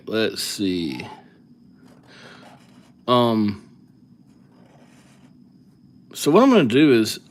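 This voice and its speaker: A man hosting a live calligraphy stream, chatting casually and rambling as he thinks aloud between names. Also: on the low side. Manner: rambling, easygoing, thinks aloud while writing. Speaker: livestream calligraphy host.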